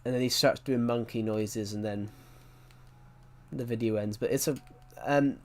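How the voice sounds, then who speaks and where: A man's voice: medium pitch, steady tone, measured pace. A man chats loosely to his stream audience in an ordinary mid-range voice. He tells stories in a rambling way, breaking off to correct himself before carrying on. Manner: rambling storyteller, frequent self-corrections. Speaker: livestreamer. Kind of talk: casual chat while streaming a game.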